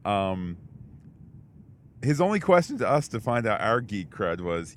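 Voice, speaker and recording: A man's voice: on the low side, very animated, unhurried, slight background noise. A man co-hosting a podcast in casual chat, telling a story in a rambling way with many fillers and restarts. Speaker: podcast co-host.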